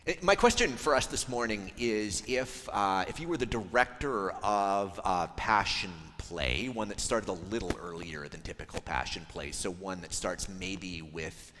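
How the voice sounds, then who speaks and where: A man preaching a sermon as a pastor, in a conversational, thoughtful way with frequent ums and pauses. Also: low voice, sharp tone, in a large hall. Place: church.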